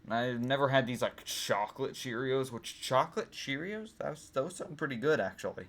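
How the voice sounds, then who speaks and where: Ranking things for a tier list, a young man vlogs in a casual, rambling way, stumbling over plenty of "um"s and restarts. His voice is medium-pitched and fairly bright, with lively intonation at a normal speed.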